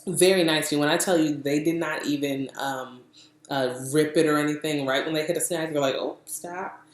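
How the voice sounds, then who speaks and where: Chatty low-voiced woman vlogger, roomy sound. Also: brisk. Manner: chatty, animated, laughs often, acts out quotes. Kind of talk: casual storytelling vlog. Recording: roomy echo.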